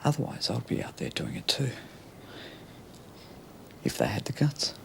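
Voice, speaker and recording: An actor playing a leering, menacing Australian criminal who talks crudely and often drops into a rasping whisper. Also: male voice, fairly low pitch, normal speed, a little hiss or hum, natural voice. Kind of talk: TV police drama acting.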